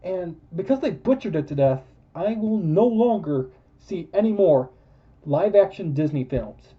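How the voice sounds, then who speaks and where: A man's voice: high-pitched, lively intonation, measured pace. A man ranting in a film review vlog, emphatic and repetitive, losing his voice. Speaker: movie reviewer. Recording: dull lo-fi recording.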